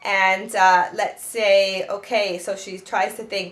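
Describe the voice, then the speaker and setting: A woman's voice: mid-range voice, flat delivery, slow pace, few pauses, a bit bright. A woman who teaches self-help and writes children's books, giving spoken advice in an earnest way with many restarts.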